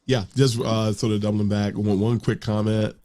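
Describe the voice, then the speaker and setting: A man's voice: lowish voice, flat delivery, moderate pace, warm tone. A man in a casual panel chat, a UX practitioner speaking frankly and earnestly, with some stumbles. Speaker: UX practitioner, podcaster.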